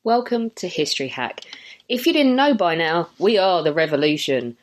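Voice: mid-range voice, lively intonation, normal speed. A podcast host reading a scripted, upbeat, jokey show intro.

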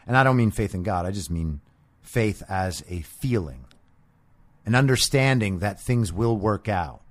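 A man's voice: lowish voice, lively intonation, a little slow. A man hosting a political podcast, delivering a combative, profane monologue full of sarcastic rhetorical questions. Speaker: podcast host.

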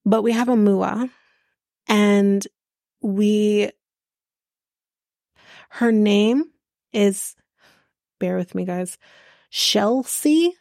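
A woman's voice: medium pitch, darkish tone, no echo. Woman podcaster ranting about a reality show, sarcastic and cussing, dry close mic. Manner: sarcastic, blunt, swears a lot. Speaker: podcast host. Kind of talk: casual reality TV recap.

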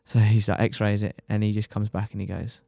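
A young man, a motorcycle racer telling his injury story on a podcast in lively, casual talk, swearing and dropping "mate" often. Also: on the low side, brisk, dry recording.

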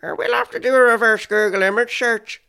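A reader voicing a brisk woman friend in an attempted Northern Irish accent, loud and emphatic, pitched well above their own voice. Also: wildly swooping pitch, gravelly, clean tone, full character voice.

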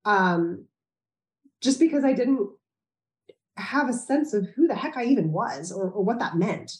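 A woman, probably in her thirties, speaking as an interview guest and telling a personal story in a reflective, candid way with halting restarts. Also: medium pitch, animated, roomy sound.

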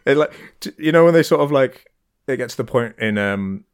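A man's voice: medium pitch, animated, fairly quick, clear, resonant tone. A man in casual chat, rambling with lots of fillers and restarts. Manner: rambling, hesitant, many fillers, laughs easily.

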